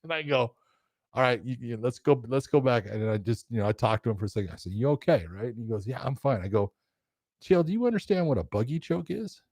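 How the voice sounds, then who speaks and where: A man casually telling a story as a podcast co-host, animated and acting out quotes with laughter. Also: medium pitch, fast talker, no room sound.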